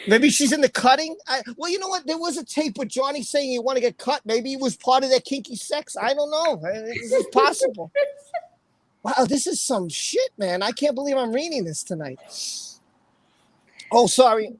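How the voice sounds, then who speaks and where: Woman, livestream host, casual chat, giggly, exclaims a lot, slightly high voice, dry close sound. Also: animated, normal speed, no room sound. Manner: giggly, exclaims often, breaks into laughter.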